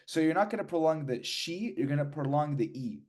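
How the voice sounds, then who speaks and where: A man teaching hymns, explaining patiently and then chanting verses slowly. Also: a little high, expressive, darkish tone. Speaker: hymn teacher. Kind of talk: hymn lesson, speaking and chanting.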